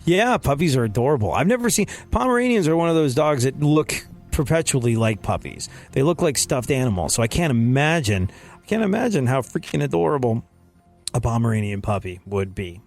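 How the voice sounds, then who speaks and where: A man hosting a talk show, giving an animated, sarcastic and preachy comedic monologue. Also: mid-range voice, fairly quick, soft background music. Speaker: show host.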